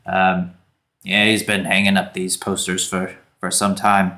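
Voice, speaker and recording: A man's voice: low-pitched, monotone, a little slow, sharp tone, exaggerated voice. A man voicing a friendly male dwarf townsman who talks in a chatty, hesitant way. The figure belongs to a tabletop game.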